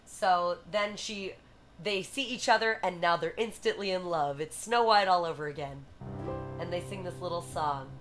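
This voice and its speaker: A woman hosting a livestream, chatty and animated as she retells a story to her viewers. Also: lowish voice, moderate pace, soft background music. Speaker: livestream host. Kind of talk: casual retelling and performing for a live chat.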